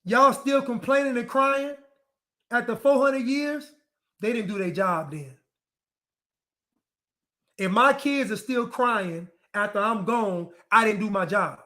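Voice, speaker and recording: A man's voice: very high-pitched, slow pace, pauses often, sharp tone. A man delivering a defiant ranting monologue to camera, repeating his phrases over and over.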